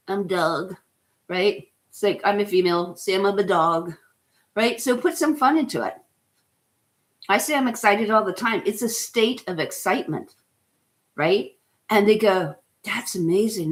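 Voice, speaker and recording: A middle-aged woman hosting a casual wellness talk, chatty and enthusiastic, rambling with lots of "you know" and "right?". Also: lowish voice. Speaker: host.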